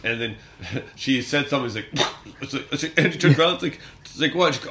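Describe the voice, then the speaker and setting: A man's voice: medium pitch, fast, bright, forceful tone, slight background noise. Laughing, rambling male podcast host. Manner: laughs often, rambling storytelling with many fillers. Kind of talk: casual chat.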